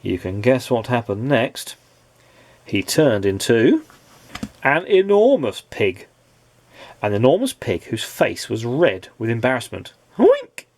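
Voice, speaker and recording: A man reading a children's picture book aloud, lively and expressive, his pitch rising and falling a lot. His voice is a little husky and sounds close and dry. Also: unhurried, no room sound. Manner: expressive storytelling. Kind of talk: children's storybook read-aloud.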